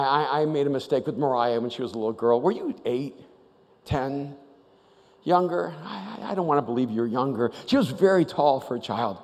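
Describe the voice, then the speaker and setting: High-voiced man preaching in a hall. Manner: storytelling with animated asides. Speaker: pastor. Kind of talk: sermon. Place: large church auditorium.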